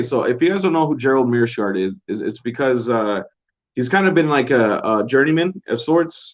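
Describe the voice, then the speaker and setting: A young man hosting a casual solo recap show at home, rambling and swearing in a laid-back way. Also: medium pitch. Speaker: podcast host. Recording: dull lo-fi home recording.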